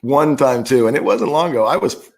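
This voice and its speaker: A man's voice: mid-range voice, fairly quick. A man in his late thirties, a guest musician chatting casually and laughing through his stories. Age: 30s. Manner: easygoing, laughs while telling stories. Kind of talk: casual chat.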